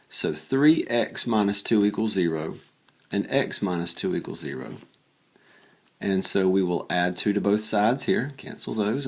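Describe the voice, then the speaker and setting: Low-voiced male teacher, weary late-night energy, chatty and self-deprecating while solving equations out loud. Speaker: math teacher. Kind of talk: casual worked-example math lesson.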